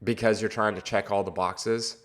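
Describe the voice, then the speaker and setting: A man's voice: lowish voice, fairly even intonation, normal speed, a bit bright. A man giving a casual, rambling movie review, exasperated and full of filler words. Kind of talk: casual video review rant.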